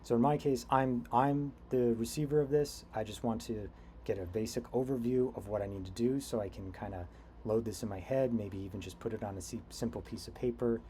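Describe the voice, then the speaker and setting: A man's voice: mid-range voice, brisk, mellow, slight background noise. An American man teaching a training seminar, talking in a loose, digressive way with many fillers and restarts. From United States. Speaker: instructor.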